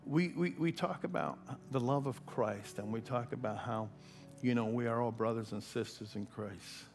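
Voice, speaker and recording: A man preaching a sermon, building from quiet talk to loud, shouted repetitions with drawn-out phrasing. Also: mid-range voice, gravelly, soft background music. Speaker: pastor.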